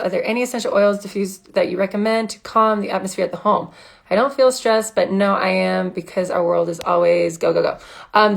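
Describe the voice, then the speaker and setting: A woman's voice: mid-range voice, gravelly, rough recording. A woman in her thirties hosting a casual live question-and-answer chat from home on her phone, frank and chatty with lots of rhetorical questions. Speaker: live-stream host and aromatherapist.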